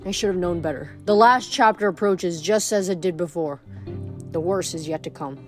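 A woman voicing a weary, wise old male centaur teacher, speaking gravely and low. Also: soft background music, lightly acted. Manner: grave, sorrowful, slow.

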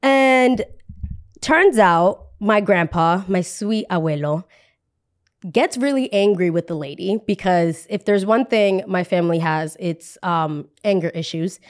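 A woman's voice: fairly low pitch, unhurried. Chatty young woman telling a story. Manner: animated, chatty, heavy use of "like". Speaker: podcast host. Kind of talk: casual storytelling.

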